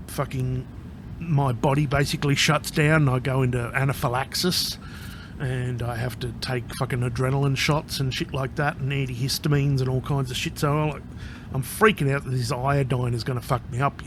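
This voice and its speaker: A man's voice: mid-range voice, level tone, moderate pace, noisy background. A man talking casually to camera in a rambling vlog monologue, swearing constantly as he tells his story. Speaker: vlogger.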